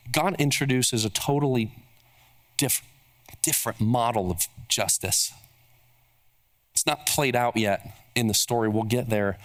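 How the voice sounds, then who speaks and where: A man's voice: medium pitch, measured pace. Emphatic male pastor preaching. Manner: emphatic, repeated rhetorical questions. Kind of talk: sermon.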